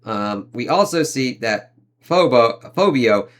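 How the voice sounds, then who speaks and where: A man giving a casual, loose review of an anime season, swearing freely and leaning on fillers like "like" and "uh", with quick impressions of the characters he talks about. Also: mid-range voice, expressive. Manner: rambling, profane, heavy on fillers like "like" and "uh".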